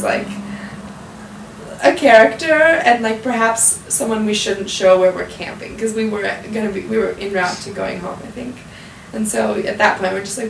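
A young adult woman telling a story in a casual, animated way, full of "like" fillers, acting out the people she quotes. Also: medium pitch, moderate pace, vocal fry, slight background noise. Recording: echoey room, mic at a distance.

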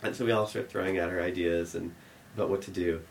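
A man's voice: low voice, fast, gravelly, a little hiss or hum. Young man rambling through a story. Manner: rambling, filler-heavy, gets animated and laughing as the story builds. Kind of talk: storytelling to an audience.

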